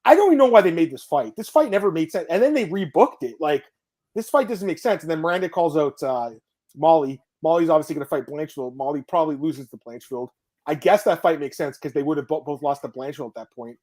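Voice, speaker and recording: A man hosts a sports podcast at a quick clip, his voice sitting a little high. He is excitable and casual, swearing now and then and reacting to viewer comments as he chats. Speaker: podcast host.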